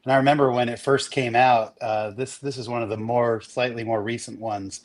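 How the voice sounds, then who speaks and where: Casting note: a mid-pitched man, enthusiastic, casual podcast chat. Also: flat delivery, moderate pace. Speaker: panelist.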